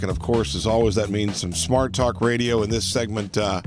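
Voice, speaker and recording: A man's voice: lowish voice, fairly even intonation, moderate pace, few pauses, music in the background. A man hosting a talk radio show, upbeat and chatty, with frequent hesitant fillers.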